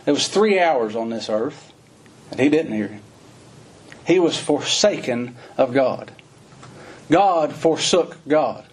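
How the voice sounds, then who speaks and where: Husky preacher, fervent sermon. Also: male voice, darkish tone. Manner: rises to high, fervent emphasis and slows on key phrases; reads scripture in old-fashioned wording, then explains in plain folksy talk.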